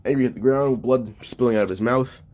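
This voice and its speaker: A man's voice: mid-range voice, fairly quick, a little mellow, slight background noise. A man casually narrating a fan-made story in a loose, stumbling way, often correcting himself mid-sentence.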